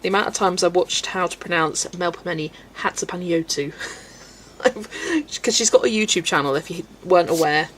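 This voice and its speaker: A woman's voice: fairly low pitch, moderate pace, a little hiss or hum, poor audio. A woman from Belgium hosting a colouring livestream, chatting with viewers, laughing often and stumbling over names. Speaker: livestream host reading chat. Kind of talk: casual livestream chat. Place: home, colouring at a desk.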